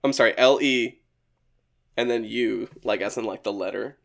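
A man's voice: medium pitch, normal speed, creaky. A man hosting a podcast, chatting casually about a movie, laughing often and restarting his sentences. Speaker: podcast host.

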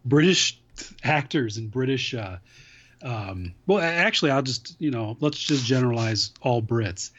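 A man in easygoing podcast conversation, meandering through stories with wry asides and the odd curse. His pitch sits mid-range. The recording is a little muffled and lo-fi. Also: expressive, a little slow, fairly bright tone. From now living in California. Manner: rambling, profane, wry. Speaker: podcast host. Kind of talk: casual chat.

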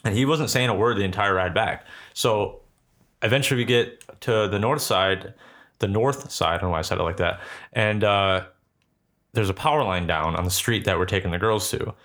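A man's voice: on the low side, a little fast, fairly bright tone. A young man casually telling a ghost story, rambling and swearing with lots of filler words.

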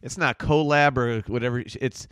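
Lively, playful male podcast co-host. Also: medium pitch, normal speed, dry recording, clean studio sound. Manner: playful, joking, chatty. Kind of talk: casual chat.

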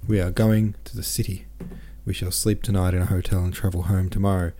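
A man's voice: low voice, level tone, brisk, warm tone, a little hiss or hum, close to an everyday voice. A man reading the lines of a stern, dignified older father in a novel, formal and firm.

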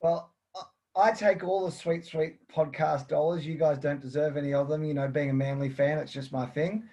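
A man's voice: a little high, steady tone, moderate pace, warm tone. A man, a podcast co-host who trades mock insults and laughs at himself. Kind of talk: casual chat.

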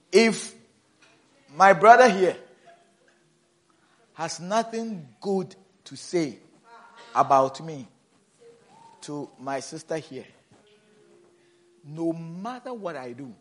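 A man preaching a sermon as pastor, swinging between shouted emphasis and soft low asides, repeating words and asking the congregation questions.

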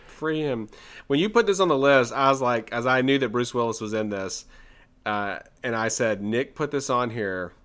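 A man's voice: medium pitch, moderate pace, fairly bright tone. A man from the American South with a Southern accent, co-hosting a podcast in casual chat, giggly and playfully indignant. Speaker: podcast co-host.

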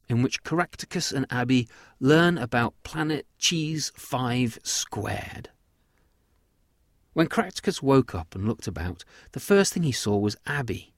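A man telling his own children's sci-fi story in a lively, gentle way. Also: mid-range voice, no echo, studio quality.

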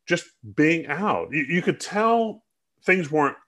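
A man co-hosting a casual talk show, speaking in halting bursts with frequent restarts and fillers. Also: on the high side, animated, fairly bright tone. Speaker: co-host. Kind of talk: casual chat.

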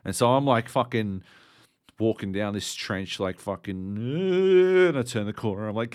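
A man's voice: on the low side, moderate pace, a little mellow, smooth, no room sound, clean studio sound. A man co-hosting a podcast, chatting casually in a rambling, profane way with many fillers. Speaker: podcast co-host.

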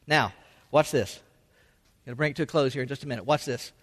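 A man's voice: medium pitch, fast talker, a bit bright, big-room sound. A man preaching a sermon as a pastor, emphatic and repeating his words as he drives points home. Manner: emphatic, repeats words, Southern-style y'all.

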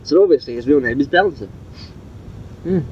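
A man's voice: on the high side, lively intonation, moderate pace. A man talks his way through a homemade cassette message, rambling and padding with fillers. The sound is dull and muffled, with a light hiss under it. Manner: rambling, chatty, with many fillers. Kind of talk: recorded cassette tape message.

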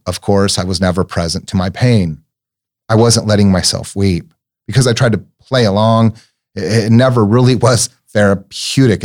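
A middle-aged man with a voice on the low side gives a sermon-like talk that is earnest and reflective. Gently telling personal stories, he tends to repeat words while he feels for the right ones.

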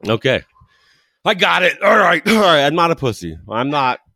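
Lively young man, casual podcast co-host. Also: fairly high pitch, moderate pace, dry recording, studio quality. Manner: animated, laughs often, shouts long goal calls. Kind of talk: casual chat.

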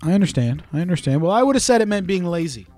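Podcast co-host, young man, fairly high voice, sarcastic teasing banter, faint music behind. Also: sing-song, very fast, warm tone, no echo. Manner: teasing, sarcastic, swears freely. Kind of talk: casual banter.

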